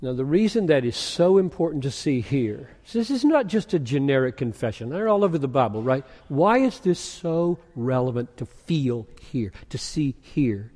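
A man's voice: mid-range voice, very animated, normal speed, hardly any pauses, a little mellow. A man preaching a sermon, asking rhetorical questions and reading scripture aloud with rising, emphatic force. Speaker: pastor. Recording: long hall reverb.

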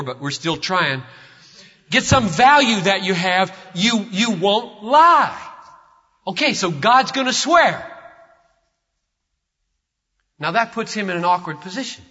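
A man preaching a sermon, swinging from hushed tones to shouts with an emphatic, repetitive cadence. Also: high voice. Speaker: pastor. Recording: reverberant hall, dull lo-fi sound.

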